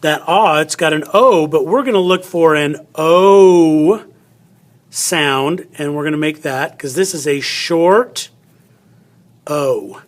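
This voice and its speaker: A man's voice: on the high side, takes it slowly. A middle-aged male teacher giving a chatty phonics lesson, thinking aloud as he cuts paper and writes. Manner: chatty, thinks aloud while cutting and writing.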